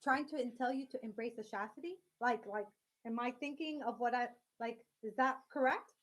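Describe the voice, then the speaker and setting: A woman's voice: a little high, normal speed. A woman hosting a casual live stream from home, chatting directly with her viewers and laughing often.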